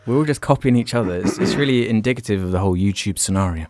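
A man's voice: lowish voice, racing, a little mellow, no echo. A man co-hosting a casual podcast, joking and teasing and swearing freely. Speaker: podcast co-host. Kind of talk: casual podcast chat over a call.

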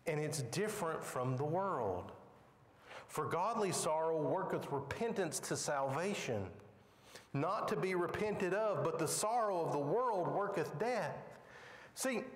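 Sunday school teacher, male, high-pitched and emphatic, heard in a reverberant church room. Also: expressive, a little slow. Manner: dramatic, emphatic storytelling. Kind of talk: Bible lesson. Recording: echoey hall with long reverb.

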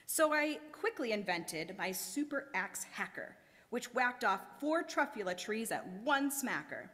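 A woman reads a rhyming storybook aloud at a worship service, her voice swinging widely in pitch. She takes it slowly and theatrically, and a long reverb trails off the church walls. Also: big pitch swings, fairly bright tone. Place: church sanctuary.

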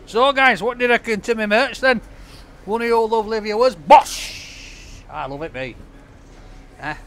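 Bloke with a high voice, banters with his cameraman outside a takeaway, faint street noise behind. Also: moderate pace, fairly bright tone. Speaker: takeaway food reviewer. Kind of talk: casual vlog chat to camera.

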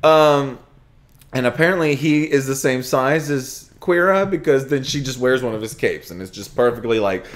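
A young man hosting a podcast, chatting casually and retelling movie scenes in a rambling, animated way. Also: mid-range voice, moderate pace. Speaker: podcast host. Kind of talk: casual movie review chat.

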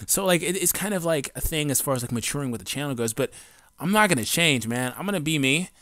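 An adult gaming YouTuber rants unscripted to camera, his voice on the high side, a bit bright, animated and fast. Recorded on a home mic with studio-quality sound and no room echo, he's blunt and defiant, rambling loosely in slangy talk packed with profanity and fillers.

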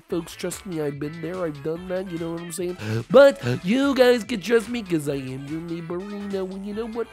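A man voicing a pushy, lonely turtle neighbor in a Minecraft role-play, drawling a slow salesman patter. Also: high voice, darkish tone. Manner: slow salesman patter, says "folks" constantly.

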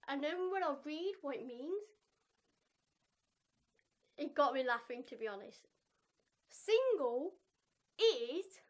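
A young woman talking casually in a reaction vlog, animated and self-mocking, laughing often. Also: high voice. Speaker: vlogger.

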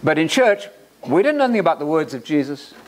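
Brief: a male Bible college lecturer preaching at a conference, with a slightly raised pitch and an animated, joking manner. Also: fast. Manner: animated and joking, repeats words for emphasis, quotes authors aloud. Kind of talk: lecture-style sermon.

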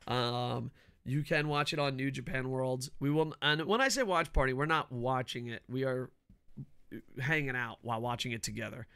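A middle-aged man ranting loudly about wrestling, cranky and swearing constantly. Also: mid-range voice, moderate pace, vocal fry, clear, resonant tone, no room sound, clean studio sound. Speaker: wrestling commentary vlogger. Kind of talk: profane ranting commentary.

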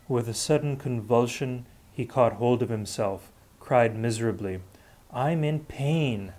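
A man narrates a fantasy novel in an unrehearsed reading. He has a mid-range voice and takes his time, with a measured, deliberate delivery. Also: mid-range voice, a little mellow. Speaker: audiobook reader.

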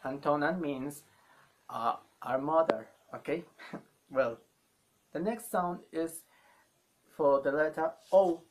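A man teaching a language lesson, speaking slowly and haltingly and repeating each sound many times for learners. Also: a little high, noisy background. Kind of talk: slow spoken language lesson.

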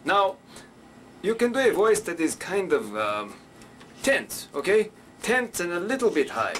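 A man's voice: sits high, very animated, measured pace, fairly bright tone, a little hiss or hum. Chatty man teaching puppet voices. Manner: rambling, chatty, playful. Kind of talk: instructional puppet show.

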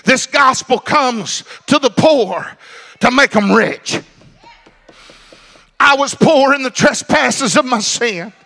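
A man preaching in a church, speaking. His voice sits high and carries a gravelly edge. He shouts and half-sings his lines in a rhythmic pentecostal cadence. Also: takes it slowly. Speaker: pastor. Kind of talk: pentecostal sermon. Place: church sanctuary.

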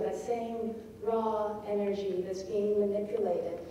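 A woman giving an informal talk on poetry, thoughtful and pausing to search for her words. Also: mid-range voice, fairly even intonation, warm tone. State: feeling cold. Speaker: poetry teacher. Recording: distant mic in a very echoey room with faint noise.

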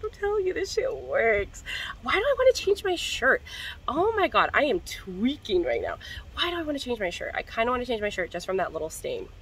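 A woman's voice: on the high side, huge pitch swings, brisk, fairly bright tone, slight background noise, low-quality recording. Bubbly, profane young woman vlogger. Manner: chatty, slangy and profane, coughing between hits. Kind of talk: casual chat to camera.

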